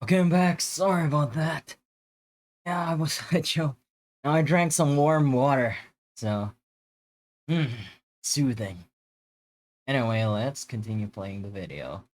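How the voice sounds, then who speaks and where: A man live-streaming, chatting casually with viewers while reacting to a video, halting speech with many fillers and restarts. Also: mid-range voice.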